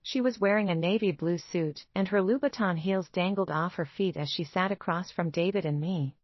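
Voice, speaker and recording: A woman narrating a dramatic romance story in the first person, steady and even. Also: fairly low pitch, normal speed, no echo, lo-fi sound.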